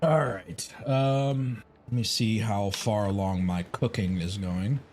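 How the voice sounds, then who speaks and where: This American streamer's voice sits on the low side with a darkish tone, and he talks slowly over slight background noise. Thinking out loud as he plays, he rambles casually with lots of fillers and occasional swearing.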